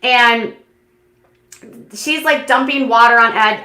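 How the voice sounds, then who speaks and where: A woman giving casual, snarky commentary on a reality show, mocking the cast with quick impressions. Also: fairly high pitch, pushed and bright, roomy sound. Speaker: commentary host.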